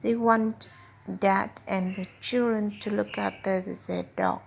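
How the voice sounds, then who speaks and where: A woman slowly reading out a children's phonics book word by word, tutoring a child. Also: mid-range voice, steady tone, vocal fry, a little hiss or hum. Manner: slow, deliberate word-by-word reading. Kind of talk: slow phonics read-aloud for a child.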